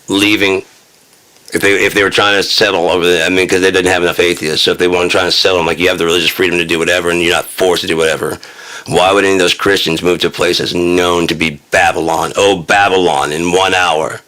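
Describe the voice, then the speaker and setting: A low-voiced man rants on camera with a hard, forceful edge. He rambles between topics, swears freely and drips with sarcasm. The delivery stays crude and mocking throughout. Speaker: vlogger. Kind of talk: rambling profane rant.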